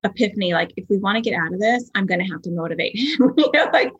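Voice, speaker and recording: Husky-voiced woman podcast host. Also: mid-range voice, quick pace, highs cut off. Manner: chatty, animated storyteller with many fillers. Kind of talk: casual conversational storytelling.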